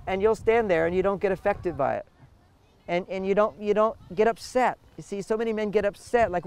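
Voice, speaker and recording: Gravelly older man, emphatic advice. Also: high voice, a little fast, darkish tone. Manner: emphatic, acts out quoted partners. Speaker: relationship author, guest. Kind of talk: interview answers.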